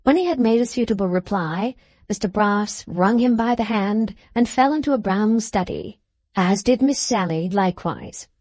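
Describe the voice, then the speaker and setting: A woman reads a classic novel as an audiobook, narrating from a script in a measured, even storytelling style. Her voice is medium-pitched, with no echo in the recording.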